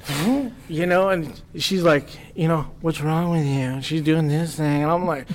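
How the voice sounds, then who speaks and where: A man with a slightly raised voice tells a crude party story in loose, casual chat. He swears freely and slips into quick impressions of the people in it, keeping the energy animated throughout. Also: on the high side, a little hiss or hum. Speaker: podcast guest.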